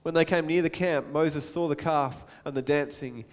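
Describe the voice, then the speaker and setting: A man with a fairly high voice preaches a sermon, his words trailing off into the long reverb of a large hall. He talks in a conversational way, pausing for asides and acting out the quoted lines. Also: fairly even intonation.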